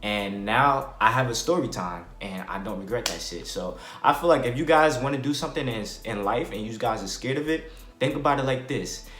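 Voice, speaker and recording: A young man tells a storytime vlog about his own life in casual slang, animatedly acting out quotes and sound effects. His medium-pitched voice moves fairly quickly in an echoey room with faint music behind him.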